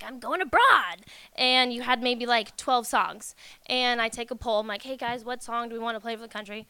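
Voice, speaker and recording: Bright, high-voiced young woman telling stories. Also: clean tone, no room sound. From United States. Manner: casual, self-mocking, swears freely; laughs through the telling and acts out quotes. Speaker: storyteller. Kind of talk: live stage storytelling. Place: live storytelling stage.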